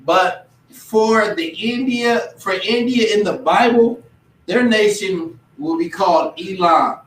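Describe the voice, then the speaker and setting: Slightly high-voiced man teaching, echoey and distant. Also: slow. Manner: animated, mimics other people's voices. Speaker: religious teacher. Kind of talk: casual street teaching. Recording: echoey room, distant mic.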